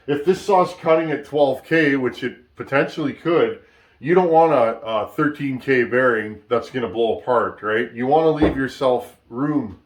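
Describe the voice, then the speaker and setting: A man's voice: mid-range voice, a little slow. A man hosting a casual workshop tutorial, thinking aloud as he works, restarting sentences and checking in with "okay?" often. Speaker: chainsaw builder and channel host.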